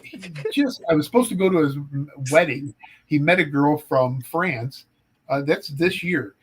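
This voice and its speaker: A middle-aged man from Ohio, a forensic psychologist, telling stories in a casual, animated way with dark humor. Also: fairly high pitch, a little slow, slightly rough, rough recording. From Ohio, United States. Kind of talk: casual storytelling chat.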